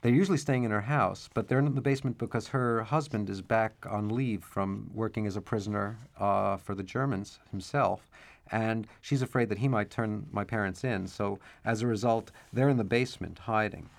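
A man's voice: fairly low pitch, steady tone, moderate pace, gravelly. A man, an author and cartoonist, talking thoughtfully about his work in an interview, with hesitant restarts. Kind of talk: interview, reading his book aloud.

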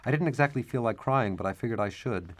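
A man appears as a guest author in an interview, reflective and measured, sometimes reading passages from his own book aloud. His voice is medium-pitched and expressive.

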